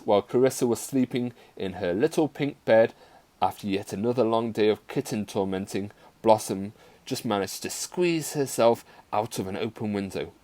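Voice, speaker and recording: A male teacher reading a story aloud to his class in a playful, expressive way. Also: lowish voice.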